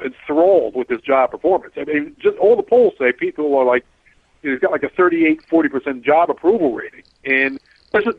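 A man's voice: a little high, no echo. A man hosting a talk show, rambling and frustrated, with lots of restarts. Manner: rambling, stop-start, frustrated. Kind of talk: casual talk show discussion. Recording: tinny phone-like line.

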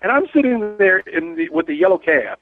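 Talk radio host, New man, blunt rambler, slightly high voice, tinny dry phone-like audio. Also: expressive, brisk, dry recording. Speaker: radio show host and cab driver.

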